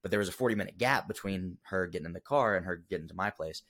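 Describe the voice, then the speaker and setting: A man's voice: low-pitched, fast talker, a bit bright. A young man, a podcast guest, telling a personal story in an earnest, emotional way with many fillers and restarts. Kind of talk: casual storytelling interview.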